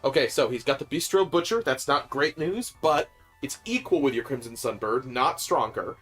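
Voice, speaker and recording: A man's voice: medium pitch, animated, moderate pace, a bit bright, faint music behind. A man from the Midwest explaining game mechanics and coaching his co-host in casual chat. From American Midwest.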